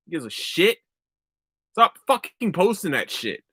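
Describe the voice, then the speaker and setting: A man's voice: a little high, very animated, measured pace, long pauses, sharp tone, slightly rough, no echo. Profane ranting podcast man. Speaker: podcast host. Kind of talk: casual solo podcast rant.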